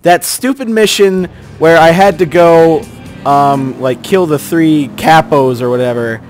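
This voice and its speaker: A man giving gameplay commentary, exasperated and swearing, yelling at the characters on screen. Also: a little high, a little slow, soft background music. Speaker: let's play host.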